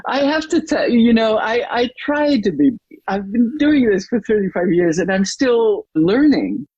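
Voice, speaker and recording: A woman's voice: on the high side, moderate pace, breathy edge, dry recording, muffled recording. An older woman, a coach and trainer, talking animatedly as an interview guest and acting out stories with voices. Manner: animated, acts out anecdotes with lively voices. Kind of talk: interview conversation.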